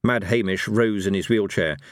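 A man narrating an audiobook in a lively, expressive reading. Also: on the low side, normal speed, dry recording, studio quality.

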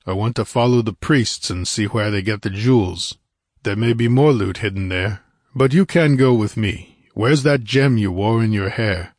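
A man voicing a gruff barbarian warrior who grunts orders in short, blunt commands, in an audiobook. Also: fairly low pitch, normal speed, no room sound, studio quality, lightly acted. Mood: commanding.

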